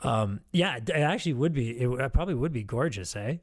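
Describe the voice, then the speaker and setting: A man's voice: medium pitch, lively intonation, fast, dry recording, clean studio sound. A Canadian man hosting a podcast, chatting casually in a rambling, joking, self-mocking way. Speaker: podcast host. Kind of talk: casual chat.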